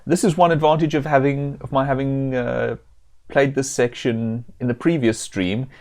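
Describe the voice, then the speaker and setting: A man casually talking through a video game on a stream, chatty and self-deprecating. His voice sits in a middle range, and he often pauses to clear his throat. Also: mid-range voice, steady tone, a little mellow. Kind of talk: casual game commentary and reading.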